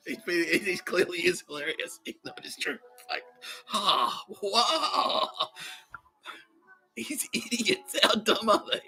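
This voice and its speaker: A man hosting a comedy podcast, ranting and swearing, often breaking into high-pitched giggles mid-sentence. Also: pushed and bright, low-quality recording. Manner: swearing, laughing through his words, bursts of high-pitched giggling. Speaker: podcast host. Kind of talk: rambling comedic rant.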